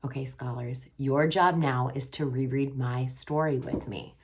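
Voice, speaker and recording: Woman kindergarten teacher, low voice, unhurried delivery, teaching writing to little kids on camera from home. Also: a little hiss or hum. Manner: slow, sounding out words and letters for children; exaggerated expressive reading aloud. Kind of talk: remote writing lesson for young children. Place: home, recorded for online class.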